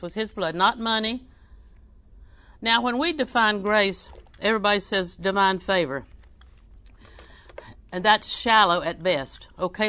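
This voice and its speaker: A woman's voice: mid-range voice, pushed and bright. A woman preaching a sermon, reading scripture aloud and telling folksy family stories.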